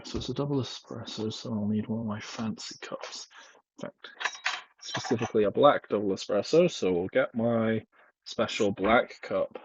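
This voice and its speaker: A man's voice: on the low side, darkish tone, slightly rough, dry recording. A young man vlogging casually from home into a headset mic, rambling with lots of fillers and self-deprecating asides. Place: home, indoors. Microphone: headset microphone. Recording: dull lo-fi headset mic, clipping.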